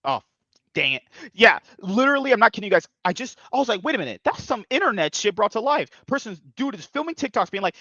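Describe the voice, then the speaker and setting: A man's voice: sits high, sing-song, fast, sharp tone, no room sound, lo-fi sound. A man hosting a podcast in casual chat, rambling and provocative, often breaking into laughter. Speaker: podcast host.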